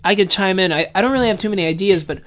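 A man co-hosting a comedy podcast, chatty and quick to laugh. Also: high voice, a bit bright. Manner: laughs often, chatty and upbeat. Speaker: podcast co-host. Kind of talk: casual comedy podcast chat.

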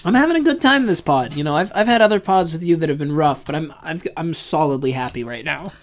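A man co-hosting a comedy podcast, chatty and quick to laugh. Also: a little high, expressive. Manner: laughs often, chatty and upbeat. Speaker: podcast co-host. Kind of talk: casual comedy podcast chat.

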